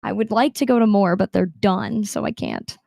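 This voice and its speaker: A woman's voice: mid-range voice, moderate pace, vocal fry, a little mellow, dry recording, studio quality. A young woman guest on a video call, chatting casually with laughs and acting out the people in her stories. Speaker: guest streamer. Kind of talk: casual interview chat.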